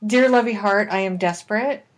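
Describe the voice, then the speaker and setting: A woman co-hosting a casual podcast chat, chatty and quick to laugh. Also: mid-range voice. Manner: chatty, laughs often, romantic enthusiast. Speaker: podcast co-host.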